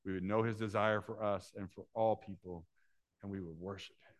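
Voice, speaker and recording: A man preaching a sermon as pastor, rising to loud animated storytelling and dropping to soft hushed appeals. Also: lowish voice, unhurried, pauses often, no echo.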